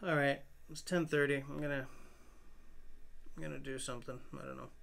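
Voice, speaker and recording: A man with a bright, clear tone and a middling pitch chats casually on a phone-shot live stream. He sounds tired and rambles along in a relaxed, self-deprecating way. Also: a little fast. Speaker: bushcraft channel host. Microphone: phone camera.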